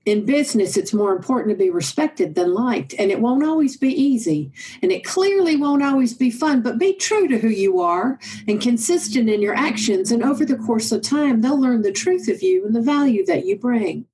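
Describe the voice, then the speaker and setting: A woman's voice: a little high, lively intonation, normal speed, dark tone, lightly acted. A woman voicing her father, a man with an Oklahoma twang, giving earnest career advice.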